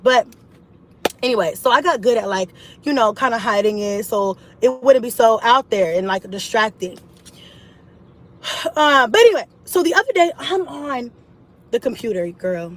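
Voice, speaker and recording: A woman talking straight to her viewers in a casual, animated vlog, swearing freely as she tells her story. Her voice sits high and swings widely in pitch as she talks. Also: moderate pace, long pauses, slight background noise, rough recording. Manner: animated and profane, with laughs. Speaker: vlogger telling a personal story.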